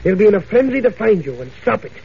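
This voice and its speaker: Brief: a smug, mocking radio villain, high voice, dull old recording with faint hiss. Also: male voice, sing-song, fast talker, exaggerated voice. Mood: gloating. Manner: smooth, mocking, self-satisfied. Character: cunning, gloating male villain, the Vulture. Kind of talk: 1940s radio acting.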